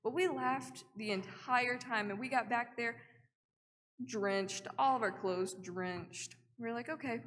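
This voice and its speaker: A woman's voice: on the high side, measured pace, a bit bright. A young woman, telling a missionary story to a church and acting out her own quotes with lots of "like.". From Oklahoma. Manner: chatty, acts out her own quotes, many "like" fillers. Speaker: missionary giving a report. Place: church sanctuary. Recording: reverberant church hall.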